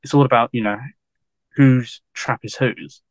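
A man chatting as a guest historian on a podcast, rambling along with endless "you know"s and easy laughter. His pitch sits in an ordinary middle range, and the sound is dry and close with no room echo. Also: steady tone, unhurried, gravelly. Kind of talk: casual podcast interview.

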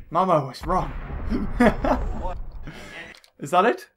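A man doing jokey gameplay commentary as a let's play host, excitable and often shouting at the screen. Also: high-pitched, takes it slowly, long pauses. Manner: excitable and jokey, yelling at the game. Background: game music.

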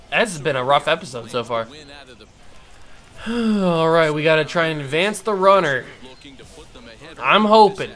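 Bright-voiced man narrating his own gameplay. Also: a little high. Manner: talks to himself, prone to frustrated outbursts. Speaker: gamer. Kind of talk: casual gameplay commentary.

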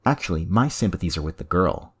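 A man voicing a calm, sharp-witted woman Jedi ranger in a story reading, with a dry, commanding delivery. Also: low voice, fast, a little hiss or hum. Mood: cool.

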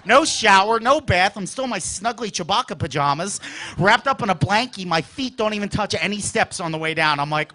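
A man performing a stand-up comedy routine, telling a childhood story and acting out characters with sudden shouts. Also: high-pitched, lively intonation, brisk.

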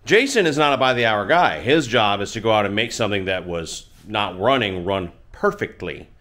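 A man's voice: on the low side, expressive, normal speed, a bit bright. A middle-aged man hosting a motorcycle channel, telling a rambling, self-deprecating story in casual chat from his home garage.

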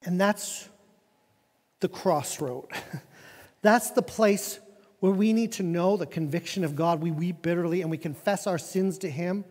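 A male pastor preaching a sermon in a church sanctuary, animated and conversational, often repeating his words. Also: sits high, unhurried. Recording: long reverb of a church hall.

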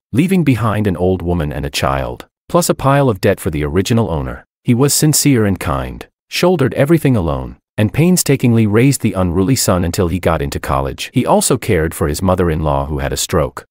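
A man with a low voice narrates a first-person drama story, his pitch rising and falling expressively. The sound is dry and close, with no room echo. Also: darkish tone.

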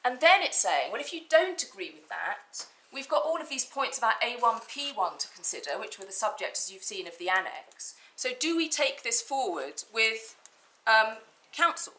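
A woman barrister making a formal legal argument to judges in a courtroom, measured and precise, stressing key words. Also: fairly high pitch, sing-song, sharp tone, rough recording.

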